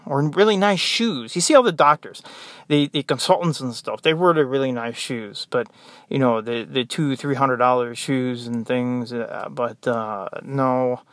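A man's voice: medium pitch, measured pace, a bit bright, no room sound, clean studio sound. An American man who works as a nurse, talking in a rambling, exasperated, joking monologue. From United States. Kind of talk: casual monologue.

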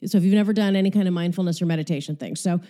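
A woman's voice: fairly low pitch, rapid-fire, dark tone. A woman hosting a candid, profane, rambling monologue while she exercises, out of breath.

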